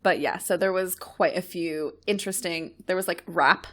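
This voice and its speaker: A woman in her thirties with a fairly low voice co-hosts a podcast at a moderate pace. She chats casually and laughs easily.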